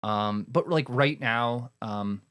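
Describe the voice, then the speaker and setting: A man in a casual podcast interview, explaining his work as a head cider maker in a relaxed, rambling way with many fillers. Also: medium pitch, takes it slowly, smooth.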